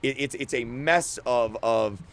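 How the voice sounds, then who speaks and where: Young man, game creator, emotional rant, stumbling repeats, mid-pitched voice. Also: unhurried, fairly bright tone. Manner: frustrated, emotional, stammering. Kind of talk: on-camera rant.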